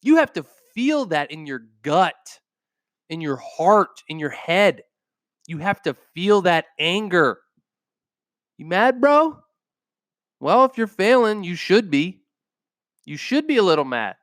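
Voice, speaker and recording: A man's voice: on the high side, lively intonation, measured pace, a bit bright, dry recording, studio quality. A man hosting a podcast, delivering an intense motivational monologue into a microphone, emphatic and repeating phrases for punch. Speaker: podcast host.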